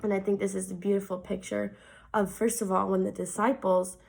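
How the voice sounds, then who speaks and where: A woman's voice: medium pitch, flat delivery, fairly quick, vocal fry, darkish tone, rough recording. A young woman giving an earnest, casual devotional talk, speaking conversationally and often saying "like".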